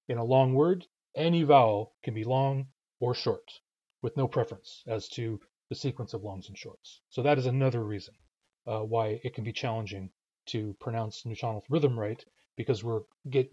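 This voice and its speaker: Mellow-voiced man teaching pronunciation rhythm. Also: medium pitch, breathy edge, dull audio. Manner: patient, methodical, demonstrates rhythms aloud. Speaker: language teacher. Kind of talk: spoken language lesson.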